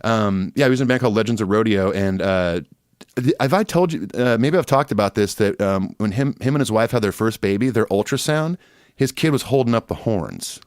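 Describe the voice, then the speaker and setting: A man's voice: fairly low pitch, expressive, a little fast, no room sound, studio quality. A man co-hosting a podcast in casual chat, reading listener emails in a laid-back, rambling way and laughing often. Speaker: podcast co-host. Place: Nashville.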